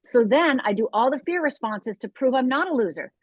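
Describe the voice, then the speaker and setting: Woman coach guest, emphatic and voice-acting her examples, a bit high, dry lo-fi call sound. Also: animated, a little fast, no room sound. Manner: emphatic, acts out inner voices, tags "right?". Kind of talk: interview conversation. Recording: dull lo-fi call audio.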